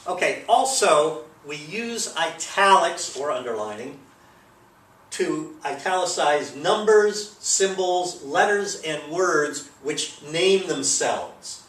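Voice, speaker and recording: A man's voice: a little high, expressive, slow pace, a bit bright. A man giving a recorded grammar lesson, explaining in a loose, rambling way with many fillers. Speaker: teacher. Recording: echoey room, mic at a distance.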